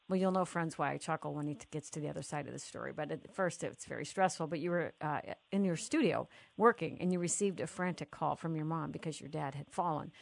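A woman's voice: sits low, gravelly, dry recording. A woman hosting an interview, talking casually and enthusiastically. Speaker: host. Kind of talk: casual chat.

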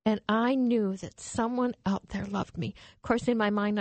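A woman's voice: mid-range voice, steady tone, normal speed, hardly any pauses, a little mellow, dry recording. Earnest woman telling her testimony. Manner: earnest and emotional, often trailing off. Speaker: interview guest. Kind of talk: personal testimony in a radio interview.

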